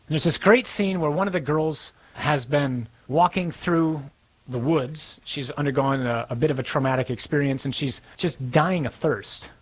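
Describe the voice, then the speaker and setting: A man giving a sermon in a conversational, storytelling way, slowing down for dramatic moments. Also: fairly high pitch, slightly rough, low-quality recording. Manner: conversational preaching, storytelling with slow dramatic pauses.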